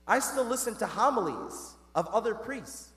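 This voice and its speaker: Addressing the congregation as "guys" and posing questions to them, a Catholic priest delivers an earnest, conversational sermon in church. His high voice is animated and fairly bright at a moderate pace, with the long reverb of the church around it.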